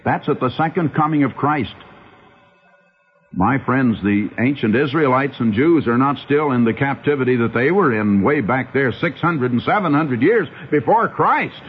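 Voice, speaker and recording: A man preaching a radio sermon, urgent and pleading, calling his listeners "my friends" and drawing out key phrases with big swings in pitch. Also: lively intonation, normal speed. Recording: tinny phone-like old radio broadcast with faint hiss.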